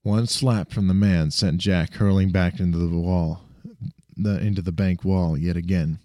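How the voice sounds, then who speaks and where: Amateur male story reader, deep, dark tone, dry close sound, frequent restarts. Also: steady tone, unhurried, no room sound. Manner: frequent restarts and self-corrections. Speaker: narrator.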